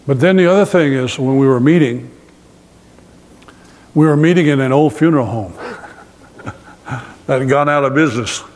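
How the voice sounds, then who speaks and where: A man in the pulpit preaching to a live congregation, his voice at a middle pitch. He tells stories with a joking, self-deprecating touch and keeps throwing questions to the crowd. The recording carries a long reverb tail from a large hall. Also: a little mellow. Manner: humorous storytelling with audience questions. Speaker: pastor. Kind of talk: sermon.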